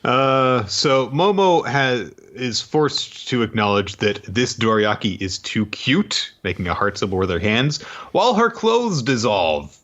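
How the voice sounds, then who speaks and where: A man's voice: medium pitch, sing-song, a little slow, few pauses, a bit bright. A man co-hosting a podcast in casual chat, summarizing the story in a loose way with many asides. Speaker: podcast co-host. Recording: dull lo-fi mic.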